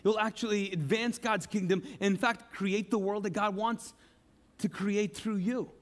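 A man preaching a sermon with passion, repeating phrases and swinging between loud outbursts and hushed, quiet lines. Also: high voice, steady tone, normal speed. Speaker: pastor.

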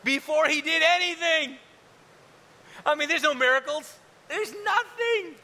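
A man preaching a sermon in a casual, conversational way, at times dropping to a soft, hushed tone. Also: very high voice, a little slow. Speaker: pastor. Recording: long hall reverb, faint hiss.

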